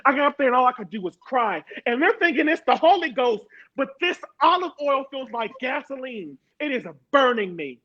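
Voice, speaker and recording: A woman's voice: high-pitched, very animated, moderate pace, fairly bright tone, lo-fi sound. A woman from Harrisburg, Pennsylvania, giving a personal testimony as a panel guest, emphatic and repeating words for stress.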